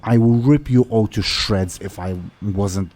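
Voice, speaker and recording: A man's voice: on the low side, unhurried, a little mellow. A man voicing a proud, hostile young female orc captain in a tabletop game, talking scornfully and threatening. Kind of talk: tabletop game role-play.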